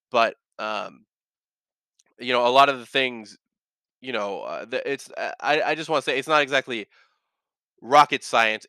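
A man's voice: medium pitch, sharp tone, clear, resonant tone, no room sound. A man hosting a casual solo podcast, talking in an earnest, rambling way that often corrects itself, with a slight lisp. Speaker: podcast host.

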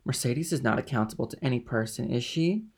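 A man's voice: mid-range voice, fast, husky. A man reading a brooding jealous young lover. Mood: sullen.

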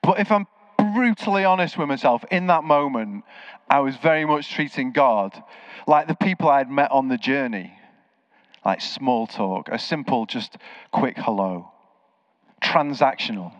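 Animated preacher with a dry, dull sound. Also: male voice, mid-range voice, measured pace, dry recording. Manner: animated storyteller, acts out quoted voices. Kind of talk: sermon with storytelling.

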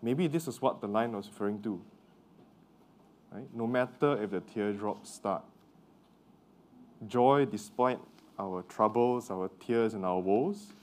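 Low-voiced man preaching a sermon, Mandarin native. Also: measured pace, pauses often. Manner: conversational, quizzes the congregation.

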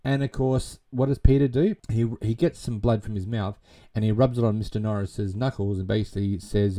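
A man with a low, very dark and mellow voice rambles through a film's plot in a casual retelling. He leans on constant fillers and casual swearing as he goes. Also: fairly even intonation, a little fast. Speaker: film recap narrator.

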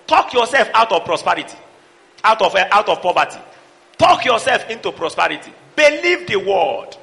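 A middle-aged man preaching a sermon, calling out to the congregation and shouting for emphasis. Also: high-pitched, big pitch swings, moderate pace, vocal fry. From Nigeria. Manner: preaching with call-and-response, breaking into song and shouts. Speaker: pastor. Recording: long hall reverb.

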